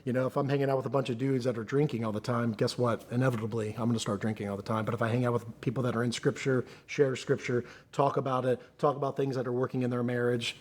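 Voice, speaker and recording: Male interview guest, mid-range voice, candid and halting delivery. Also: medium pitch, a little mellow. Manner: earnest, halting, restarts often. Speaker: podcast guest.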